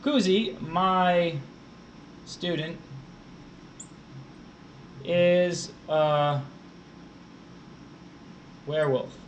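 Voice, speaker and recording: A man's voice: on the high side, steady tone, very slow, long pauses, a little hiss or hum. A man tutoring test prep on a live stream, explaining grammar step by step while answering his chat.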